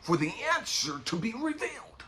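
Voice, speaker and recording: Man speaker, emotional monologue, bright tense tone, hushed to shouting, faint background hiss. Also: sing-song, normal speed. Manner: swings from low hushed talk to raw shouting; emotional, swearing, pleading. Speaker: inspirational speaker. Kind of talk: impassioned motivational monologue.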